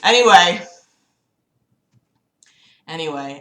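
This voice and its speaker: A woman's voice: medium pitch, expressive, unhurried, pauses often, fairly bright tone. Chatty young woman on a livestream. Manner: chatty, profane, fretful and giggly. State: slight cough. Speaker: livestream host reading a friend's book. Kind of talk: casual livestream chat and reading aloud. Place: room at home. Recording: echoey home room.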